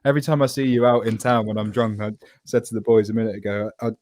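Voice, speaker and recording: Male host, quick and chatty, self-mocking jokes, dry close sound. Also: lowish voice, steady tone, a little mellow, dry recording. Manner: rambling, joking, self-deprecating. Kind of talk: casual chat.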